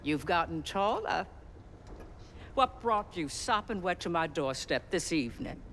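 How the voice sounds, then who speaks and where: A woman voicing a stern, proud older grandmother, speaking in a measured, imperious way. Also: on the low side, expressive, fairly bright tone, slight background noise. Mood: haughty. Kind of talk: video game voice acting.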